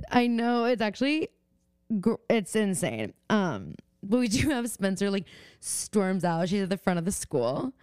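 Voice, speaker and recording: A woman's voice: mid-range voice, very animated, unhurried, a little mellow, smooth, no echo. A young woman co-hosting a podcast, chatting casually and swearing freely as she acts out quotes. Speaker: podcast co-host. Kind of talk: casual recap chat. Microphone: remote call mic.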